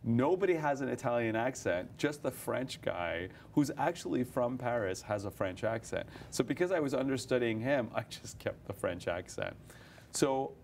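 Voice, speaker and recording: A young man, an actor, chatting in an interview about his stage roles, animated, often laughing and restarting his sentences. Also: medium pitch, normal speed, vocal fry, slight background noise. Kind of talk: casual interview chat.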